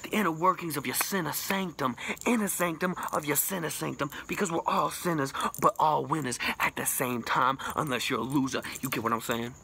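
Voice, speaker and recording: A man rambling as a boastful mock self-help guru, jumping between loud bursts and hushed whispers with a self-described put-on accent and lisp. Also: brisk, creaky, hardly any pauses, slight background noise. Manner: rambling, boastful, absurd know-it-all; sudden pitch jumps and dropped whispers. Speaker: comedic vlogger.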